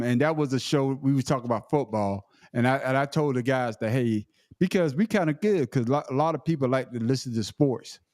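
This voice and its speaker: A man co-hosting a casual podcast, his voice sitting at an ordinary middle pitch and sounding dry and close to the mic. He gets loud and excitable and swears freely. He often repeats words while he finds his sentence. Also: no room sound. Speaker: podcast co-host.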